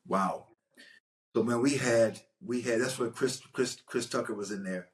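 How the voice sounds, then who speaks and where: A man, an actor, telling stories from a film shoot in a casual, animated way, often restarting his sentences. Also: medium pitch, unhurried. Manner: animated, rambling, frequent restarts. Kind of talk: casual anecdotal storytelling.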